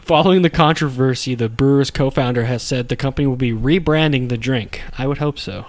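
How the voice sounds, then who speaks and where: A man's voice: mid-range voice, brisk. Laid-back young man, laughing podcast host. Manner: laid-back, laughs often, stumbles over words. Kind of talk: casual chat, reading headlines aloud.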